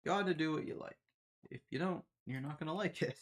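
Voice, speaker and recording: A man's voice: on the high side, lively intonation, moderate pace, gravelly. A man streaming a game, chatting in a rambling, self-deprecating way and laughing often. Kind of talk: casual chat while gaming.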